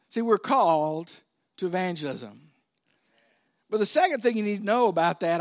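A male pastor preaching a sermon, swinging between loud emphasis and hushed asides. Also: high voice, sing-song, normal speed.

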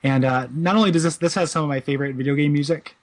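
Rambling, fairly high-voiced man. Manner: rambling, lots of "like" and "you know"; amused, quick to laugh. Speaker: podcast co-host. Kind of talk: casual chat about a video game.

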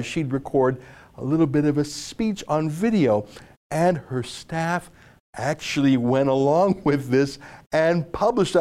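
A man's voice: a little high, darkish tone. Sarcastic male political commentator. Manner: sarcastic, mocking. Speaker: commentary show host.

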